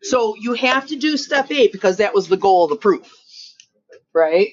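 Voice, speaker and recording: A woman's voice: mid-range voice, lively intonation, normal speed. A woman teaching math to a class, chatty and joking, checking in with the students often. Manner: chatty, checks in with frequent "right?" and "okay?"; joking, self-mocking asides. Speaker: high school math teacher. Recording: distant dull classroom recording, faint noise.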